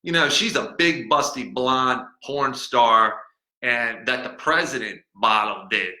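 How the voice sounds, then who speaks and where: This podcast host's comic persona is a boastful, irritable talking bottle who rambles, mocks and trips over words. He speaks slowly in a mid-range voice that's bright and forceful, and the room is echoey.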